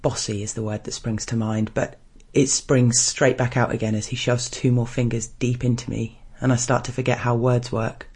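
A man reading a first-person erotic story aloud in a soft, hushed, restrained way. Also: mid-range voice, flat delivery, normal speed, creaky, husky. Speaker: story narrator.

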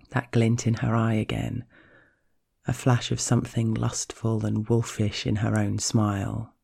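A man narrating a scripted story in a slow, hushed, measured way. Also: fairly low pitch, completely flat delivery, gravelly, slightly rough.

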